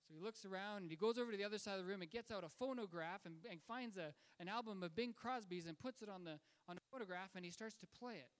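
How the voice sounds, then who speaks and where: A man's voice: high voice, fast, few pauses. A man preaching a sermon and telling a story in a conversational way, with fillers and restarts. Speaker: pastor. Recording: long hall reverb.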